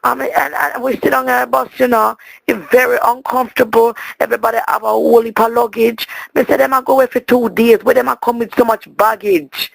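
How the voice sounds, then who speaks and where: A fussy Jamaican woman, played by a man, rants her way through a long voicemail, tripping over her words as she complains. Her voice sits very high with a gravelly edge. The sound is dry and close, with no room around it. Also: steady tone, fairly quick, a bit bright, dry recording, full character voice, poor audio. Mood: exasperated. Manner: rambling, stammering, complaining. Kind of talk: comic monologue as a voicemail.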